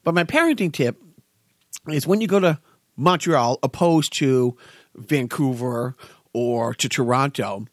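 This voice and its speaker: A man's voice: medium pitch, unhurried, no echo, clean studio sound. An American man co-hosting a podcast in casual chat, rambling and joking with profanity and many stammered restarts. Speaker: podcast co-host.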